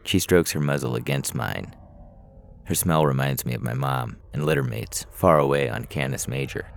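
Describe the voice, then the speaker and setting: Very deep gravelly male narrator. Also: sing-song, moderate pace. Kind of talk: scripted story narration.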